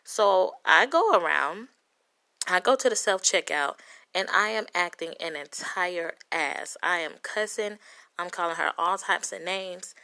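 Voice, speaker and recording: A woman tells a story in a heated, profane rush. Her voice is bright and forceful, and she acts out the other people in it as she goes. She sounds like a vlogger venting to her viewers. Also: fairly low pitch, a little slow. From Compton, California. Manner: profane, heated, dramatic retelling with quoted voices. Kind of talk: animated storytelling rant.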